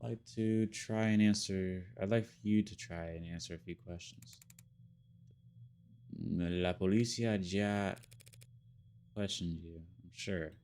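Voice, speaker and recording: A man voicing a calm, measured defense lawyer in a video game, reading in a level, earnest way. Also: deep voice, smooth.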